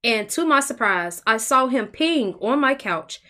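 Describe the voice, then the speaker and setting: A woman co-hosting a casual podcast, reading listener questions aloud and reacting with animated exclamations. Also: on the high side, measured pace. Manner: animated, exclaiming, laughs often. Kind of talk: casual chat.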